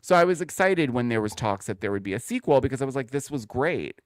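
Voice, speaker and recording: A man's voice: mid-range voice, big pitch swings, fast, smooth, no room sound, studio quality. A man hosting a casual reality TV recap, chatty and opinionated, talking straight to his viewers. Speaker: host.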